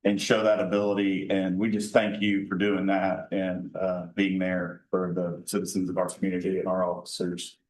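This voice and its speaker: A man on a city council giving earnest, halting praise at a council meeting. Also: low-pitched, monotone, darkish tone, roomy sound, low-quality recording. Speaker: council member.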